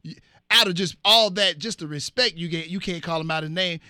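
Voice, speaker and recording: A man's voice: sits high, a little fast, pushed and bright, clear, resonant tone, no room sound. Male radio host, teasing and lecturing, dry studio sound. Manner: teasing, laughing, lecturing in slang. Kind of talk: casual call-in radio chat.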